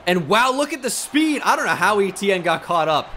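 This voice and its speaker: A man giving casual, joking video game commentary, excitable and swearing freely. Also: high voice, a little fast, a little hiss or hum. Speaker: gaming YouTuber.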